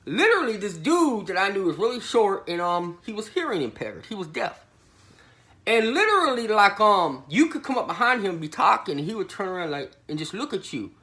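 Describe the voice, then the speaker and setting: A man's voice: high voice, big pitch swings, brisk, pushed and bright. A man telling a comedic tall tale to camera in a rambling, slangy way, saying "literally" over and over. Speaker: satirical prison storyteller.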